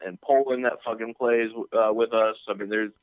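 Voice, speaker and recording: Male co-host, relaxed and profane, lowish voice, dry phone-line sound. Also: moderate pace, smooth, no echo. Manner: laid-back, swears freely, chuckles. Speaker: podcast co-host. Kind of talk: casual chat.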